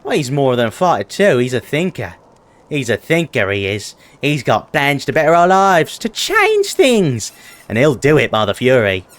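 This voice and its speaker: A man's voice: wildly swooping pitch, normal speed. A man voicing an eager, chatty townsperson who gushes with admiration for a knight, reading game dialogue aloud. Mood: gushing. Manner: gushing, breathless admiration with pitch leaping high.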